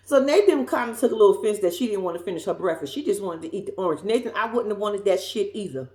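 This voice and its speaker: Sassy woman recapping, lively pitch. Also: quick pace, hardly any pauses. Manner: sassy, blunt, profane asides. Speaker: reality show commentator. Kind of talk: casual reality-show recap. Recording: roomy echo.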